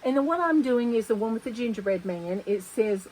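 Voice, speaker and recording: A woman's voice: a little high, expressive, a little fast, few pauses, darkish tone, poor audio. A woman chatting casually at home about her cross-stitch projects, rambling and correcting herself as she goes. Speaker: cross-stitch vlogger host. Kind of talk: casual show-and-tell chat.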